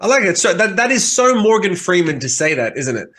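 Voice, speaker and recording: A man chats easily on a casual podcast, agreeing often and swearing now and then. His voice sits a little high for a man. He sounds relaxed throughout. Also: brisk. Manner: laid-back, agreeable, swearing. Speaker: podcast co-host. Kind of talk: casual chat.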